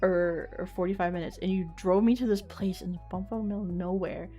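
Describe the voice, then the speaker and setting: A young woman streamer chats through a story in a loose, rambling way, packing her sentences with "like" and dropping casual swear words. Her voice sits a little on the low side for a woman. Soft music plays faintly underneath. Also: steady tone, a little fast, few pauses. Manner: rambling, many "like" fillers, swears freely. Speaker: VTuber streamer.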